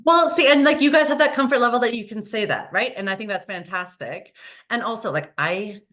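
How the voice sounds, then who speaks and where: A woman talking as a podcast guest, lively and acting out the dialogue she quotes. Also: on the high side, brisk. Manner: animated, acts out quoted dialogue. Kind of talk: conversational interview. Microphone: video call.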